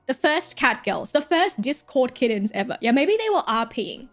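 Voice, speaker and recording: A woman's voice: high-pitched, very animated, moderate pace, few pauses, soft background music. A young woman streamer chatting casually, rambling and giggling, swearing freely.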